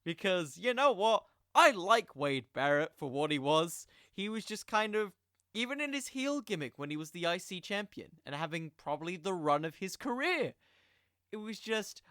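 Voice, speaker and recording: A young man talks through a podcast episode in a loose, rambling way and keeps wandering off onto tangents. His voice sits high and bright and swings widely in pitch. The recording is dry and close, with no room sound. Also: dry recording. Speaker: podcast host. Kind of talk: casual podcast monologue.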